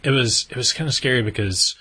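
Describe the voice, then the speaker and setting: Husky man telling animated stories. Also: medium pitch, fast. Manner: animated, acts out quotes, laughs often. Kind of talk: casual storytelling chat.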